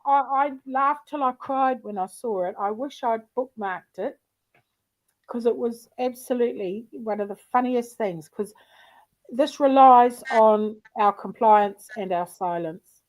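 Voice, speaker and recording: A woman hosting a livestream in loose, casual chat. Her voice sits a little high, and she wanders through anecdotes with plenty of swearing and laughter. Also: a little slow, poor audio. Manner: profane, rambling anecdotes with frequent laughter. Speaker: livestream host.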